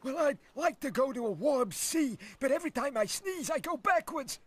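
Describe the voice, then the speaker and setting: A woman's voice: high voice, animated, moderate pace, voice pushed up. A woman voicing a sad, sniffly male blue whale with a cold in a storybook reading. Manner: sniffly, sneezing.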